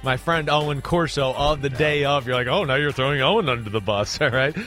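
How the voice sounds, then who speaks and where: A man's voice: medium pitch, brisk, music in the background. A man hosting a sports podcast in a casual, joking way, often laughing and acting out what people said. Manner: jokey, laughs a lot, acts out quotes.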